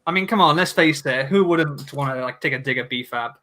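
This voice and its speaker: A man's voice: medium pitch, a little fast, bright, forceful tone. A British man hosting a livestream, chatting casually, joking and reading viewer comments aloud. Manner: jokey, reads chat comments aloud. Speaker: livestream host.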